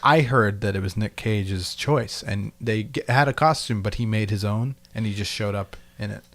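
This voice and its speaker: A man's voice: fairly low pitch, normal speed. A man co-hosting a podcast in casual chat, with dry, offhand banter. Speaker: podcast co-host.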